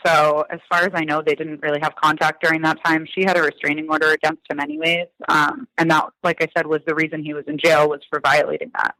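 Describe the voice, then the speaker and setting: Bright-voiced man recalling his past. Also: on the high side, level tone, fast, hardly any pauses, no echo, poor audio. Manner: soft-spoken, reflective, many ums and likes. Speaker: guest, son of a crime victim. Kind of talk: podcast interview recollection.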